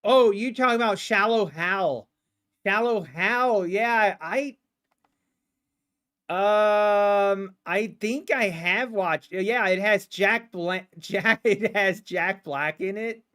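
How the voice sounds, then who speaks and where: A man's voice: high voice, slow, a bit bright. A man streaming his day trading live, chatting casually and talking to the market in a playful, sarcastic way, laughing often. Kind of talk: casual livestream commentary.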